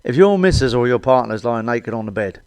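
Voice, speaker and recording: A middle-aged man with a British accent runs through a crude stand-up routine, blunt and cheeky, with plenty of swearing. His voice sits at an ordinary middle pitch. The sound is dry and close, with no room echo. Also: animated, brisk, darkish tone, clean tone. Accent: British English. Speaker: stand-up comedian. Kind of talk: crude stand-up comedy monologue.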